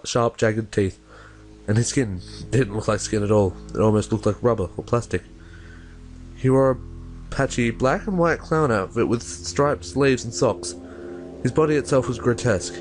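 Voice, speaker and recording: A man's voice: on the low side, close to an everyday voice. A man voicing a grief-stricken young mother as he reads a horror story aloud in first person, stumbling over words now and then.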